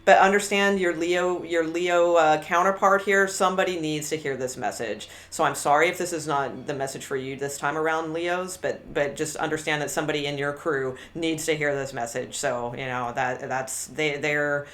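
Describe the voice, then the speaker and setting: Low-voiced woman reading tarot, blunt. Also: steady tone, normal speed, few pauses. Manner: candid, blunt, rambling with many restarts. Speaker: tarot reader.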